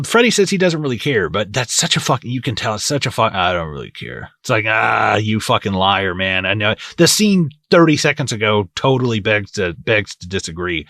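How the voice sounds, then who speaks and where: Profane, animated man recapping a movie. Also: mid-range voice, no echo, studio quality. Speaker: podcast co-host. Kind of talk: casual movie-review chat.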